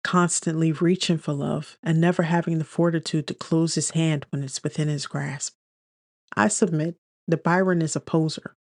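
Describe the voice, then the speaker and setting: A man voicing a playful young woman who teases and argues in quick-witted banter. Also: fairly high pitch, steady tone, gravelly, a little mellow, dry recording, studio quality. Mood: teasing. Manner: teasing, argumentative banter.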